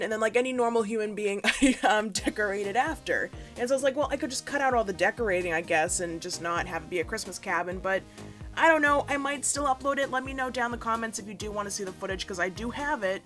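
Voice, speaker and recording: A young woman rambles through a casual gaming voiceover, self-deprecating and easily sidetracked. Her voice sits in a middle pitch, and soft music plays quietly underneath. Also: quick pace. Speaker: gaming YouTuber. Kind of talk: casual voiceover chat over a speed build. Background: soft background music.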